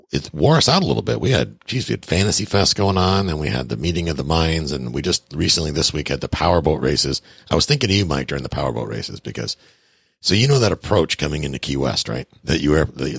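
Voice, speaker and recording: A man with a very deep, gravelly voice hosting a podcast in a laid-back, chuckling way. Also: lively intonation, fast talker, dry recording, studio quality. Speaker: podcast host. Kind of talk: casual podcast chat.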